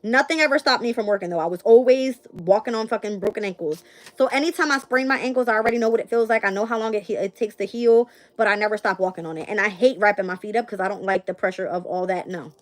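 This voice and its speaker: A woman's voice: medium pitch, fast talker. A young woman hosting a casual live stream and reading tarot cards, blunt and profane, with frequent laughs.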